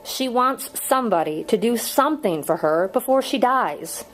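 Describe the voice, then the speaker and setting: A woman's voice: on the high side, animated, moderate pace, pitched above the performer's own voice, lightly acted, poor audio. A woman voicing an earnest young male schoolteacher in an audiobook reading, pleading with strained patience.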